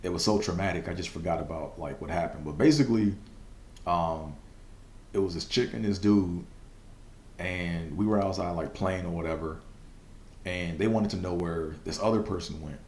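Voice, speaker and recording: Deep-voiced man rambling on a podcast. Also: normal speed, darkish tone, echoey room, slight background noise. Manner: loose, rambling storytelling with many fillers and profanity; stutters at times. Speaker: podcast host. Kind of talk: casual solo podcast monologue.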